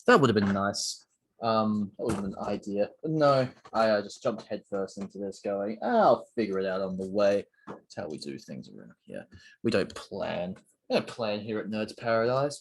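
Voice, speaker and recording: Chatting alone while he builds, a young man who hosts the channel wanders from thought to thought, pokes fun at himself, and keeps restarting between fillers despite a sore throat. His fairly low voice is a bit bright and slightly rough.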